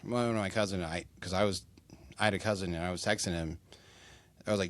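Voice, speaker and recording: A man's voice: deep voice, fairly even intonation, fast talker, fairly bright tone, dry recording. A young man hosting a solo sports podcast, rambling casually with lots of fillers and swearing. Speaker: podcast host.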